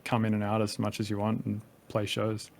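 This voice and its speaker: A man's voice: fairly low pitch, monotone, a little fast, creaky, a little mellow, slight background noise. Male podcast guest, light Australian accent, easygoing rambling chat with filler words. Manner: rambling, filler-heavy, casual swearing. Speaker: podcast guest, music producer. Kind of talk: casual conversation.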